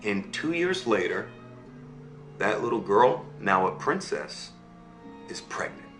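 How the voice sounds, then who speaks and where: A man telling a fairy tale to listeners in an animated way, often checking in with them as he goes. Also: fairly low pitch, slow pace, echoey room, faint music behind. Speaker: storyteller.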